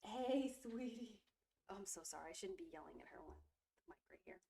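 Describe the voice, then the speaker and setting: A woman's voice: very fast, vocal fry, a little hiss or hum. A woman chatting casually while livestreaming resin crafts at home, giggly and apologetic, full of fillers, with a stuffy nose. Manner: high coaxing voice when soothing her cat. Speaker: resin jewelry streamer. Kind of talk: casual live-stream chat.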